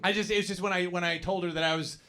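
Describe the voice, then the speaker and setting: A young Canadian man with a Canadian accent doing a stand-up set on a club stage, halting and full of fillers and restarts. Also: high voice, fairly even intonation, sharp tone. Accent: Canadian English. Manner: halting, filler-heavy delivery with repeated restarts. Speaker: stand-up comedian. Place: comedy club stage with laughing audience.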